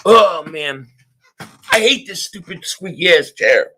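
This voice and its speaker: A man hosting a live sports reaction stream, ranting excitably and often shouting at the game. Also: sits high, slow, slightly rough. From Philadelphia area.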